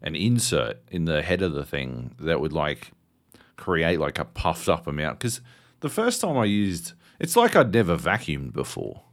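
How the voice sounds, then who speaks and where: An Australian man in his thirties co-hosting a casual podcast chat. He tells stories with lots of swearing. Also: moderate pace. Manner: animated, swearing storyteller, jumps high in pitch for quoted outbursts. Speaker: podcast co-host.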